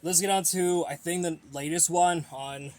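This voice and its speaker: A man's voice: on the high side, fairly even intonation, normal speed, a little mellow. A young man hosting a casual Q&A, reading viewer questions and giving blunt, rambling opinions while a little out of breath. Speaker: host of a fan Q&A channel.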